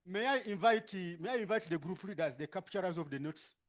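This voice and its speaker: A man with a Ugandan English accent, facilitating a workshop and sorting participants into groups with brisk instructions and frequent tag questions. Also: high voice, animated.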